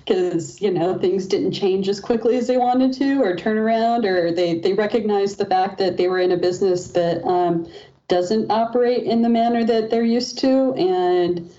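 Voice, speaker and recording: A woman co-hosting a casual podcast chat, unhurried and chatty, laughing easily. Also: medium pitch, mellow, highs cut off. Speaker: podcast co-host.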